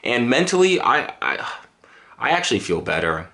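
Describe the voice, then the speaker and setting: A man from Dallas rambles cheerfully to camera, piling up jokes and exaggerations. His pitch swings widely as he talks, at an ordinary middle height. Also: big pitch swings, moderate pace, vocal fry, sharp tone. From Dallas, Texas. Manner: joking, exaggerated, rambling with restarts. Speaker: vlogger. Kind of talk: casual comedic monologue to camera.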